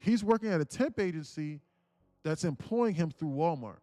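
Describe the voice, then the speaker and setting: A man's voice: a little high, expressive, normal speed, mellow, dry recording, soft background music. Rambling, profane male stream host. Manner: rambling, full of "like" and swearing, emphatic. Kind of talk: casual storytelling on a livestream.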